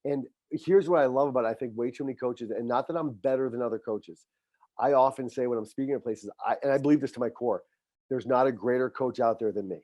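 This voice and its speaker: A man's voice: mid-range voice, quick pace, dark tone, no echo. Earnest older man, motivational coach. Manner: earnest, motivational, acts out dialogue with players. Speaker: high school football head coach, podcast guest. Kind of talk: casual podcast conversation.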